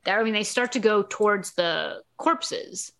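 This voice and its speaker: A woman's voice: mid-range voice, a little slow, a bit bright. Chatty woman co-host recapping an episode. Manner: chatty, laughs often, acts out characters' lines. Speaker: podcast co-host. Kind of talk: casual chat recapping a TV episode.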